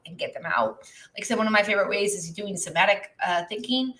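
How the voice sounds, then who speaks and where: Bright-voiced woman coaching on a live stream. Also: medium pitch, lively intonation, fast. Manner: conversational, checks in with listeners with "right?" and "okay?"; reads and answers viewer chat aloud. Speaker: business coach.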